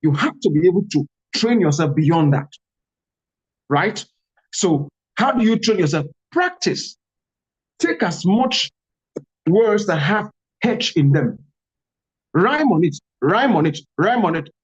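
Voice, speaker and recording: Nigerian man with a Calabar accent, lively guest speaker, muffled video call audio. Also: sits high, takes it slowly, long pauses. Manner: animated, emphatic, repeats key words. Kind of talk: online workshop talk.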